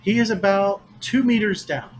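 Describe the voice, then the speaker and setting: A man acting as game master, narrating a tabletop game with calm, measured descriptions and rulings. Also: sits high, slight background noise.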